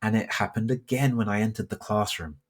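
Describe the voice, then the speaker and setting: A young man from London, a geography teacher talking as a podcast guest, speaking deliberately with careful pronunciation. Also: lowish voice, slightly rough. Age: young adult. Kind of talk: casual conversational interview.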